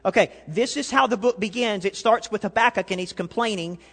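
A male pastor preaching a sermon, animated, swinging between loud and quiet and asking the congregation questions. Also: high-pitched, brisk, creaky. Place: church sanctuary. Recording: long hall reverb.

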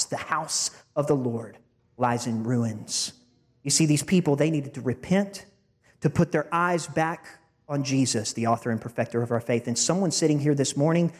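A man's voice: fairly high pitch, darkish tone. A man in his thirties, a pastor preaching a heartfelt sermon and speaking earnestly to the congregation in a church. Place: church sanctuary. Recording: reverberant church hall.

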